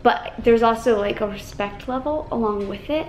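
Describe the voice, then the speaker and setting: A young woman chatting casually and warmly in a vlog. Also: on the high side, moderate pace, echoey room, a little hiss or hum. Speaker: vlogger.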